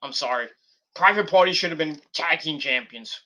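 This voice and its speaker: A man's voice: fairly high pitch, normal speed, sharp tone. A man giving a rambling, profane and exasperated review of a wrestling show. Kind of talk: casual rant review.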